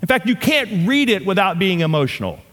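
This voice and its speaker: A man's voice: high voice, big pitch swings, fairly quick, a bit bright, in a large hall. A man in his fifties with a Southern US accent, from North Louisiana, preaching a sermon with impassioned emphasis and humorous asides. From North Louisiana, USA. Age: 50s. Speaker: pastor.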